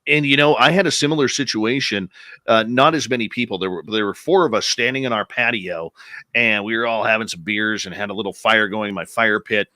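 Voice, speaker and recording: A man's voice: lowish voice, fairly quick, no room sound. A man from Canada, a radio host, telling a story in casual chat and quoting the people in it. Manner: animated storyteller, quotes people in his tales.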